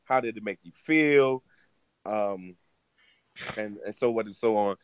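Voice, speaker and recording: A man co-hosting a casual gaming podcast, with a lowish voice and a halting delivery full of restarts and ums. His voice sits close to the mic in a dry, dead-sounding space. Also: smooth, no room sound. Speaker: podcast co-host.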